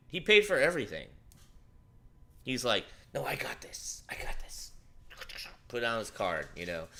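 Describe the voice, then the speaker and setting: A man with a bright, forward voice tells a rambling personal story on a livestream. He talks casually and animatedly, swearing along the way. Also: medium pitch. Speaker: livestream host.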